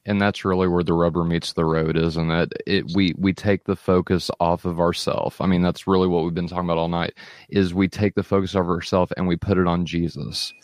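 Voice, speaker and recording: A man's voice: low voice, flat delivery, brisk, no echo, studio quality. A man hosting a faith podcast, earnestly summing up the discussion. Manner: earnest, summarizing, affirming. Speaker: podcast host. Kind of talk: conversational podcast chat.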